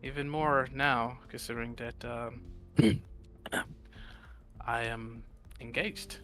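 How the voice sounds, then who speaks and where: A man talks through his character in a tabletop game, slowly and with hesitation. His tone is bright and forceful. Faint music plays underneath. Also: mid-range voice, steady tone. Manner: hesitant, with pauses and fillers. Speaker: player.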